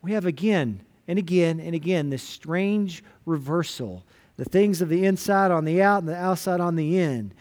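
A man's voice: fairly high pitch, lively intonation, normal speed, a little mellow. A man pastor giving a sermon, retelling scripture in casual, everyday storytelling words.

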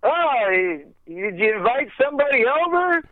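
A man voicing an impression of an unbothered older comedian who calls out through a door in a raised, deadpan tone. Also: extremely high pitch, moderate pace, dry recording, pitched above the performer's own voice. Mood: puzzled. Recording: tinny phone-like line.

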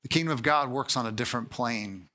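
A man preaching a conversational sermon, acting out quoted voices with lively shifts in tone. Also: medium pitch, fast. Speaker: pastor.

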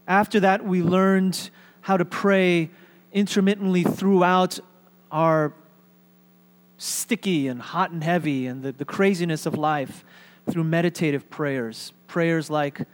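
Conversational male pastor, slightly high voice. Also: steady tone, takes it slowly. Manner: conversational, with fillers and light humor. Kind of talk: sermon.

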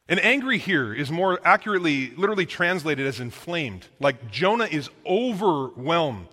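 A man preaching a sermon in an animated, casual way, with slang and emphatic delivery. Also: on the high side, moderate pace, hardly any pauses. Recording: long echoing reverb.

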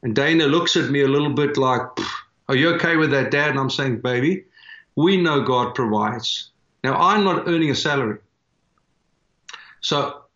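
A man's voice: on the high side, fairly bright tone. A man in his fifties from South Africa, a church planter telling earnest, heartfelt stories as a guest in an interview. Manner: earnest, heartfelt storyteller with frequent restarts. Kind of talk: storytelling in a podcast interview. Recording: roomy, dull remote recording.

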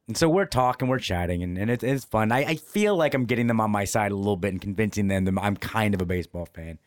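A man co-hosting a podcast, telling a baseball story in a lively, casual way and slipping into the voices of people he quotes. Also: fairly low pitch, quick pace, no room sound, clean studio sound. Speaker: podcast co-host.

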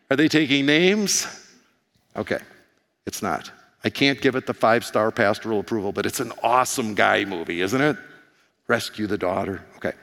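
A hoarse pastor delivers a sermon with lively energy, firing questions at his listeners. His voice sits at a middle pitch for a man. The long reverb of a large church room trails behind each phrase. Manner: animated, questions the congregation.

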